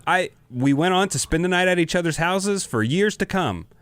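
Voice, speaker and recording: A man co-hosting a parenting podcast, a father chatting in a relaxed, storytelling way. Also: sits high, normal speed, clear, resonant tone, dry recording. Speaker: podcast co-host. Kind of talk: casual chat.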